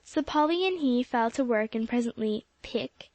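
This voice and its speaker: A woman narrating a children's story in a steady audiobook reading. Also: a little high, normal speed, no room sound. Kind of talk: scripted narration.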